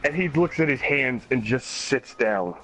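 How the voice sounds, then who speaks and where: A man of average pitch telling a story casually while gaming, lively and profane, playing out the voices of others. Soft music sits under his voice. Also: a little slow, low-quality recording. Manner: animated, acts out quoted voices, swears often. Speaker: gaming streamer.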